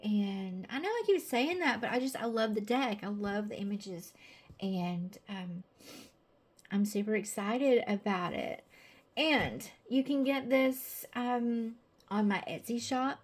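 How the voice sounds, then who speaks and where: Slow-talking Southern woman, chatty. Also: medium pitch, expressive. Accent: Southern American. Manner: chatty, gushing, many fillers. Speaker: tarot deck creator. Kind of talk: casual video presentation.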